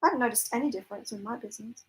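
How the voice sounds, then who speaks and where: A woman's voice: on the high side, rapid-fire, rough recording. Chatty woman hosting a psychic livestream. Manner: chatty, laughs often, reads out viewer comments. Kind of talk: casual live chat with viewers. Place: temporary lodging, staying away from home.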